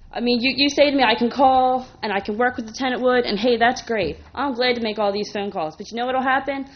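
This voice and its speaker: A woman's voice: a little high, lo-fi sound, slight background noise. A woman speaking as a resident at a town council meeting, emotional and indignant, talking in run-on bursts at a podium microphone. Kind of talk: public comment at a council meeting.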